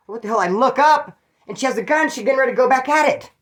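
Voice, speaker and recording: With an extremely high, slightly bright voice, a California man talks fast through casual prison stories. He rambles with restarts, swears and uses slang, and mimics others in quoted voices.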